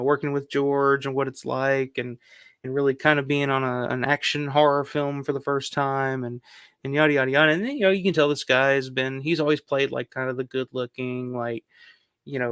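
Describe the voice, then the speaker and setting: A man hosts a film countdown video for a film review channel, rambling casually with lots of fillers and the odd swear word. His mid-range voice is a bit bright, clear and resonant, recorded at studio quality with no room sound.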